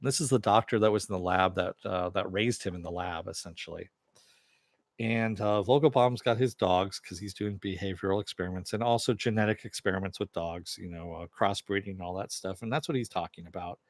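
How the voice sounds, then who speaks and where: A man's voice: low-pitched, a little fast, no room sound. A man casually recapping a TV episode, rambling with lots of fillers and "he goes". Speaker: TV episode reviewer.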